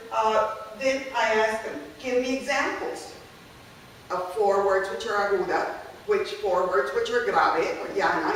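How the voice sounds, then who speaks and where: A woman's voice: medium pitch, a little hiss or hum. A woman giving a workshop talk as a university Spanish instructor, explaining step by step and often checking in with "okay?". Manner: explanatory, frequent checking okays, mixes in Spanish phrases. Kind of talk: workshop presentation. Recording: echoey room, speaker far from mic.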